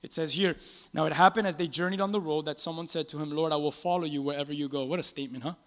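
Male pastor preaching, fairly high voice, acts out the bible quotes, big reverb hall. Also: racing. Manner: animated, acts out scripture quotes, asks the congregation to respond. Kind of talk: sermon. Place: church sanctuary.

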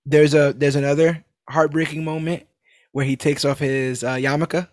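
A man hosting a casual chat, talking in a rambling, animated way and swearing casually. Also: a little high, moderate pace, no room sound, studio quality.

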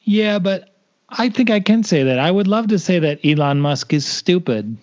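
A man with a somewhat high voice trades jabs in a casual podcast, teasing and refusing to budge. The recording sounds dull and lo-fi. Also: animated, moderate pace, darkish tone. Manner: stubborn, teasing. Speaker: podcast co-host. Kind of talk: casual debate chat.

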